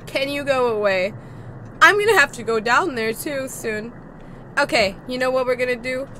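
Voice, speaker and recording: A woman's voice: high voice, expressive, normal speed, background noise. A woman streamer commentating on a horror game, frightened, screaming and swearing as she plays. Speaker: gaming streamer.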